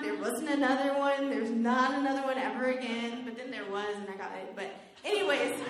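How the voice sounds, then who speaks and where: A young woman giving a faith talk, telling personal stories in a lively way, laughing often and saying "like" a lot. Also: high voice, slight background noise. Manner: animated storytelling, laughs often, says "like" a lot. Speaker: youth speaker. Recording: very echoey room.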